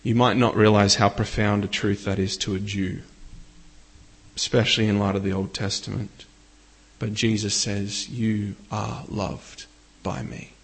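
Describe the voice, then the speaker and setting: A man's voice: fairly low pitch, little pitch movement, moderate pace, breathy edge. A man preaching a sermon in an earnest way, lifting his voice when he reads scripture. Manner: earnest, rises for scripture readings.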